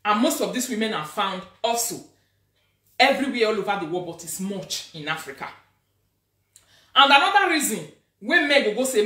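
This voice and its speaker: A woman with a Nigerian accent hosting a live video as a social media influencer, talking in an animated, scolding, emphatic way. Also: medium pitch, moderate pace, long pauses, far from the mic. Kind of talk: casual live-stream rant. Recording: echoey room, away from the mic.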